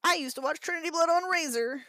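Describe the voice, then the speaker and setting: A woman's voice: very high-pitched, quick pace, sharp tone, no room sound. A woman in her thirties hosting a livestream, chatting casually with viewers, laughing often and swearing freely as she reacts to chat. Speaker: livestream host.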